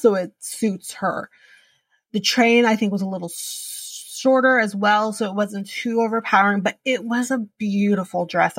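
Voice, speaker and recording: A woman's voice: medium pitch, gravelly, a bit bright, dry recording, recorded from a distance. A woman hosting a podcast, recapping a reality show in a chatty way, swearing casually and using lots of fillers. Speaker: podcast host.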